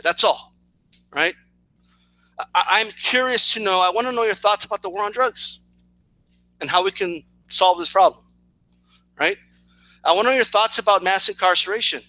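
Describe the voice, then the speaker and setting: Answering a rival on his video channel, this boxing commentator keeps restarting his sentences and tossing in "right?" again and again, his tone sarcastic and challenging. His high voice sounds pushed and bright, captured in a dry, rough recording.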